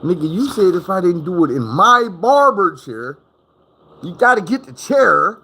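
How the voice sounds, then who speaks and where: A man telling a comic story, casual and animated, full of profane slang, jumping up high to reenact other people. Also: a little slow, breathy edge, poor audio.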